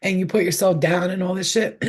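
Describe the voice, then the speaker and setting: A woman's voice: fairly low pitch, steady tone, normal speed, husky. A middle-aged woman giving a casual tarot reading on a livestream, talking candidly with plenty of swearing and rambling stories. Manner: profane, candid, rambling storyteller. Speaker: tarot reader. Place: indoors, in her room.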